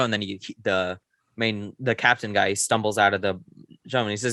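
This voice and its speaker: Young guy cohost rambling bout a movie, low-ish voice, really bright sound. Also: fairly quick, no echo, clean studio sound. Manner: rambling, excited, many fillers. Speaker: podcast co-host. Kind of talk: casual film review chat.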